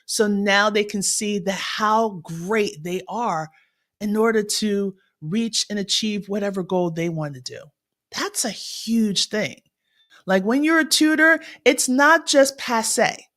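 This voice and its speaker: A woman's voice: medium pitch, fairly bright tone. Chatty upbeat woman tutor livestreaming. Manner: chatty and upbeat, greets viewers, laughs often. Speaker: math tutor hosting a livestream. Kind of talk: casual livestream talk.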